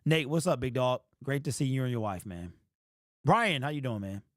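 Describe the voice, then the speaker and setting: A man hosting a sports fan livestream, tired and emotional, his frustrated talk rising into shouted rants. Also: mid-range voice, expressive, normal speed, dry recording, clean studio sound.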